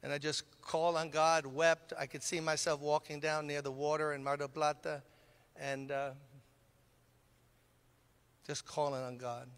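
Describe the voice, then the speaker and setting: An older pastor from Brooklyn, New York, tells a story during a sermon, animatedly acting out both sides of his conversations. His voice is on the high side and smooth, with a measured pace and long pauses, heard through a long hall reverb.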